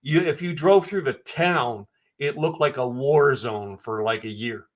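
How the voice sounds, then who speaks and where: A man's voice: mid-range voice, measured pace. A man co-hosting a business podcast, chatting casually, emphatic and prone to repeating words. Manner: emphatic, repeats words, asks pointed questions. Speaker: podcast co-host. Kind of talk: casual chat.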